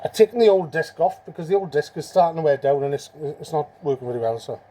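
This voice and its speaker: A man's voice: on the high side, lively intonation, fast talker, very noisy. A man chatting casually while restoring a motorbike in his home workshop, rambling and self-mocking.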